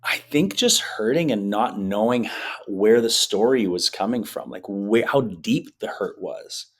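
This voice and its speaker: A man's voice: on the low side, animated, a little slow, a bit bright. A man who is a guest on a podcast interview, telling personal stories in an earnest, emotional way and acting out the quotes. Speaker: guest, hypnotherapist. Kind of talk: conversational interview storytelling.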